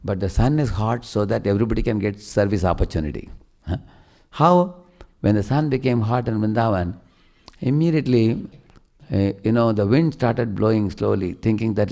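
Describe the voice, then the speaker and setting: A man's voice: lowish voice, moderate pace, creaky. A man giving a devotional sermon, telling stories and often asking listeners questions. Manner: animated storyteller, asks listeners questions. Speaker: preacher.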